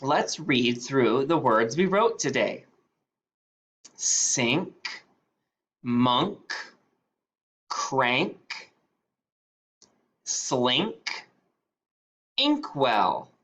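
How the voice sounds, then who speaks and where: A male teacher leading a phonics spelling dictation, saying each word deliberately and sounding it out in parts. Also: medium pitch, big pitch swings, a bit bright.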